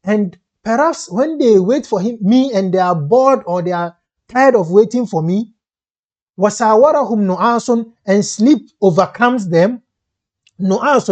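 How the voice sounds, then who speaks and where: A man teaching a lesson, reading each line of a classical text quickly and then explaining it slowly and patiently in English, with many restarts. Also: sits high, a little mellow. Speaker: Arabic teacher.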